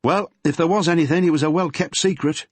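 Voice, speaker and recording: A man's voice: fairly high pitch, steady tone, quick pace, husky, no room sound, voice pushed up. A man voicing an obliging young male detective constable in an audiobook. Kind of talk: audiobook character reading.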